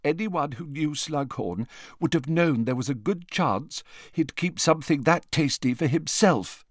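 A man's voice: fairly high pitch, animated, unhurried, no echo, clean studio sound, voice pushed up. A man voicing a clever teenage girl who sounds congested and broods as she reasons. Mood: brooding. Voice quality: congested, like a head cold.

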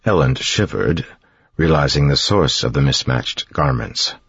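A man narrating an audiobook in a measured, even storytelling manner. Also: very deep voice, breathy edge, dry recording, highs cut off.

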